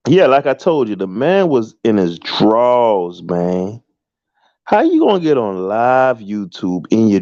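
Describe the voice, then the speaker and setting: Low, slow, slangy man on dull audio. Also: a little mellow, dry recording. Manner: slangy, emphatic. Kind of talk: casual chat.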